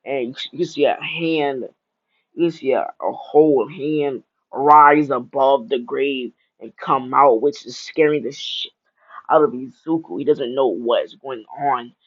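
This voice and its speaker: A young man slowly improvising a fan-fiction story, restarting sentences and stringing ideas together with filler phrases. His voice sits mid-range for a man, and the mic sounds dull and lo-fi. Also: medium pitch.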